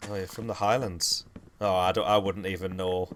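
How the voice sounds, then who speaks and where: A man's voice: sits low, flat delivery, normal speed, slight background noise. A man with a Geordie accent chatting casually and rambling through a gaming livestream. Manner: chatty, rambling, laid-back.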